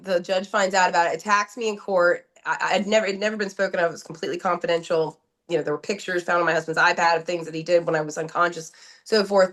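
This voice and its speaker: A woman from New Jersey speaks as a podcast guest, pouring out her story in an urgent, emotional rush. She stumbles and restarts often, repeats words for emphasis and slips into quoted back-and-forth. Her pitch sits in a middle range for a woman. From New Jersey, USA. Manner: urgent, animated retelling with many restarts and quoted dialogue.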